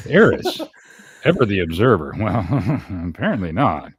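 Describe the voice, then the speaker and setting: A man co-hosting a casual podcast, reading a story slowly and laughing often. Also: sing-song, breathy edge, dry recording. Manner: slow, low and laughing often. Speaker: podcast co-host.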